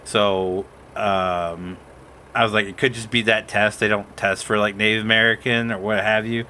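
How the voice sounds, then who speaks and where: Guy streaming a farm game, bright voice, kinda rambly, faint hum behind. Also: lowish voice, flat delivery, normal speed. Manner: rambling storyteller, quotes others. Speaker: streamer host. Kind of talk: casual gaming chat.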